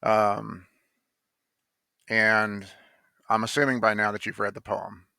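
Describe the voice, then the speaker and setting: Gravelly man telling a rambling personal story. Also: lowish voice, level tone, slow, sharp tone, no room sound. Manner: rambling, many fillers and restarts, blunt with some swearing. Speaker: poet telling how he wrote a poem. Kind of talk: casual spoken monologue.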